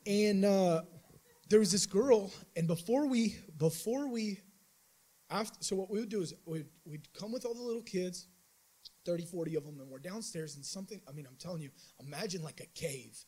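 A man giving a church mission trip report as an informal sermon testimony, telling his story in an animated way with many restarts. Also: sits high, normal speed, breathy edge, poor audio.

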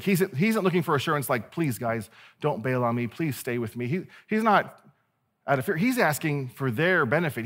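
A man preaching a sermon as pastor, animated and conversational, with playful asides to his listeners. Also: fairly high pitch.

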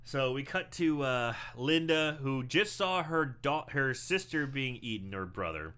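A man in casual chat, recapping a movie plot with friends, animated and acting out the characters' lines. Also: medium pitch, measured pace, clean tone. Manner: animated, acts out characters' lines, swears freely.

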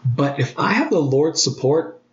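Earnest, animated man in a podcast chat. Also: measured pace, echoey room, highs cut off. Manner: earnest, animated, rising to high emphatic peaks. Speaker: guest. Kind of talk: candid podcast conversation.

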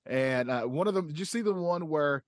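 A man's voice: on the high side, animated, normal speed, no room sound, studio quality. A man co-hosting a podcast, eagerly retelling a story in casual chat with frequent fillers. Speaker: podcast co-host.

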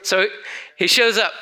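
A man preaching a sermon to an audience, telling a long story and acting out the people in it. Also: high-pitched. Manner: animated storyteller acting out quoted voices.

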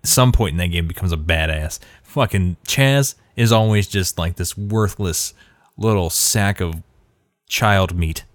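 A sarcastic man with a somewhat low voice, trading profane jabs in casual podcast chat. He flares into mock outrage now and then. The sound is dry and close. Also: a little slow, no room sound. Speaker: podcast co-host.

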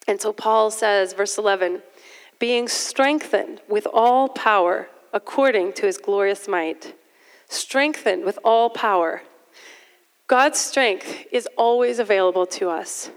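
A woman's voice: medium pitch, a little slow, clear, resonant tone. A middle-aged woman preaching a sermon in a conversational way, with self-deprecating asides. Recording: long hall reverb.

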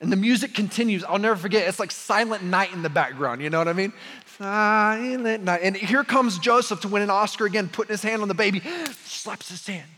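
Young guy pastor preaching, high husky voice, story then fired up, big hall echo. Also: fast talker, hardly any pauses, bright, forceful tone. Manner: storytelling, rising to impassioned preaching. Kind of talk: sermon.

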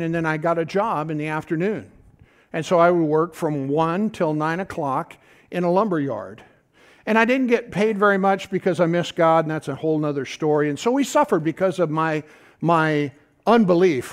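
A middle-aged man preaching a sermon in a folksy, animated way, tossing out asides to the congregation. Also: on the high side, normal speed. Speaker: pastor.

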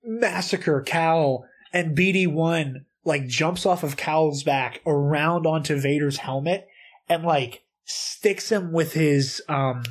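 A man co-hosting a casual podcast, telling game stories with lots of fillers and excitable energy. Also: fairly high pitch, takes it slowly. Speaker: podcast co-host. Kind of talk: casual podcast chat about video games.

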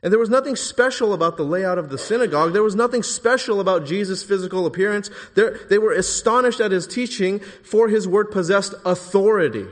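A male preacher delivering a sermon with emphatic, rising delivery that pushes hard on key phrases. His voice sits somewhat high for a man, and it rings out with a long reverb, as in a church sanctuary. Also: fairly quick, few pauses.

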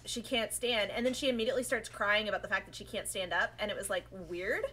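Woman podcast cohost, bright sharp voice, animated chatty recap, does little voices. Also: mid-range voice, slight background noise, poor audio. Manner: animated, acts out characters' lines in quick voices. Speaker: podcast co-host. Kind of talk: casual chat recapping an anime episode.

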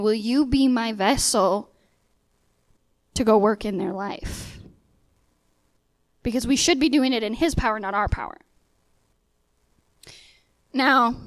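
Young woman preaching, telling a story, acts out the dialogue, kinda high voice, dry close sound. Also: no room sound. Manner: animated storytelling, acting out dialogue in quoted voices. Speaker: speaker sharing a testimony. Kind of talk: sermon-style storytelling.

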